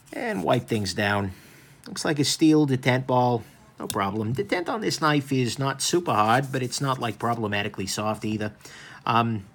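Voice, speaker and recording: A man casually reviewing and taking apart a knife for his channel, wandering into joking asides and filling pauses with "um". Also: lowish voice, creaky, a bit bright, husky. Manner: rambling, with joking asides and many ums. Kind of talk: casual hands-on product review.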